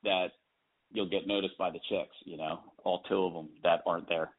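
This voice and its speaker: A man's voice: sits low, steady tone, moderate pace, breathy edge. A man in casual, self-deprecating chat about rec hockey, joking as he talks. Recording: phone-like narrow sound.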